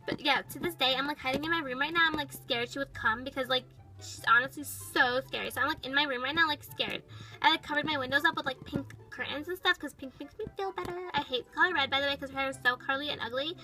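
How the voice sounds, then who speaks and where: A bratty, dramatic little girl pet, voiced by a woman, chattering in a high, very bright voice. She gushes in valley-girl talk, piling on "like" over soft music behind her. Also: fast talker, rough recording. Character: bratty, dramatic young female toy pet. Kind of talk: toy-figure storytime narration.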